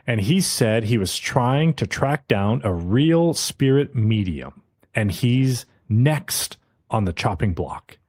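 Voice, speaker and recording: A man's voice: medium pitch, darkish tone, no echo, studio quality. A man co-hosting a podcast, casually recapping an anime episode and briefly putting on the characters' voices as he retells scenes. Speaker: podcast co-host. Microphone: podcast mic.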